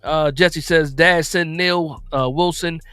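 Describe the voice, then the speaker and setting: A man's voice: on the high side, fairly even intonation, slow pace, a bit bright, smooth, dry recording, faint music behind. A man from New Jersey hosting a live-stream football talk show, chatting loosely, repeating himself and reacting to viewer messages. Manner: loose, repetitive, reads and answers chat.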